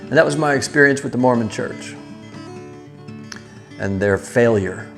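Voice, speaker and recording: Animated man telling a story. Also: medium pitch, a little slow, vocal fry, soft background music. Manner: animated, acts out quoted voices. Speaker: livestream host. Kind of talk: casual storytelling to a live chat.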